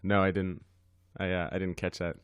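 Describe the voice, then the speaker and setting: A man hosting a podcast with a hoarse, worn-out voice, chatting casually with many fillers. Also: low-pitched, little pitch movement, moderate pace, no room sound. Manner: rambling, frequent fillers. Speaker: podcast host.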